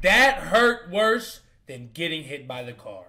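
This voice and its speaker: A young man, a comedian, telling a story in a casual, animated and profane way, with punchy lines. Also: high-pitched, unhurried, hardly any pauses, noisy background. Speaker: comedian host.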